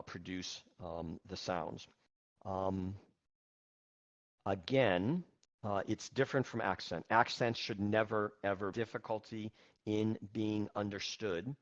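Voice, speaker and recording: A man teaching an English class online, speaking in a patient, measured way with frequent fillers. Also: fairly low pitch, highs cut off.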